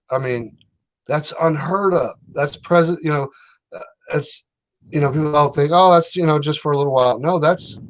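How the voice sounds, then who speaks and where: A man hosting a casual livestream chat, rambling and hesitant, with many fillers. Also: fairly high pitch. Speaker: livestream host.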